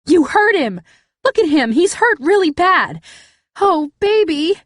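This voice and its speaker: A woman's voice: high-pitched, big pitch swings, normal speed, no echo, pitched above the performer's own voice. A woman voicing a frantic, defiant young woman who shrieks her accusations, close to tears.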